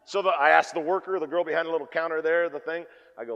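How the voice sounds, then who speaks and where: A man preaching a sermon as pastor, telling jokey stories and swinging between loud and hushed delivery. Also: fairly high pitch, animated, quick pace, few pauses, lo-fi sound. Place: church hall. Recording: long reverb of a church hall.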